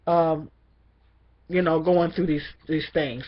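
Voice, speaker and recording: A middle-aged man with a fairly high voice vents in a weary, discouraged monologue, stumbling and repeating his words. The sound is dull and lo-fi. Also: steady tone, slow pace. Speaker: vlogger. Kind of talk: personal venting monologue.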